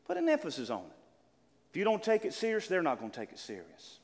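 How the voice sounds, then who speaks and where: An older man preaching a sermon to a congregation, calling out amens and building to loud, exclaimed lines. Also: high-pitched, wildly swooping pitch, quick pace. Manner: preaching with call-and-response amens, building to shouts. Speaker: pastor. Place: church. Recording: church hall with long reverb.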